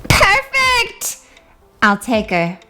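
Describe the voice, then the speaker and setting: A woman's voice: high-pitched, wildly swooping pitch, extremely slow, sharp tone, exaggerated voice. A woman voicing a pushy young woman customer in a doll-play story, blunt and clipped. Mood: brusque.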